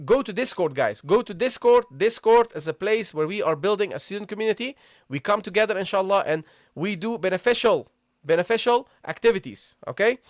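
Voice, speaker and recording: A man teaching an online Arabic lesson live, repeating points and checking in with viewers after nearly every phrase, and sounding out letters slowly for them to copy. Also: high voice, a bit bright, no room sound, clean studio sound. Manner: repetitive, checks in with "okay?" and "guys"; models pronunciations slowly.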